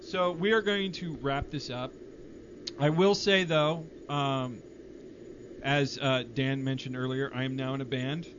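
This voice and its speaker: Man, podcast host, casual and self-deprecating, middle pitch, dull lo-fi sound with steady noise behind. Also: unhurried. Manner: laid-back, self-mocking, crude jokes. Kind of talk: casual chat. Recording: lo-fi with clear noise.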